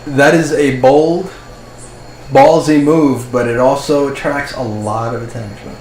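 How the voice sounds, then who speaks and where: A man narrating a tabletop role-playing game as its game master, in a steady storytelling manner. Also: mid-range voice, unhurried. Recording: echoey room, faint ambient noise.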